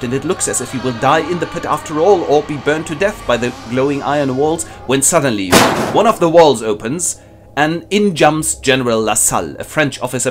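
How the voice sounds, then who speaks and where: A man presenting a comic summary of a classic story in a wry, lively storytelling manner. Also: medium pitch. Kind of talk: comic literature summary narration.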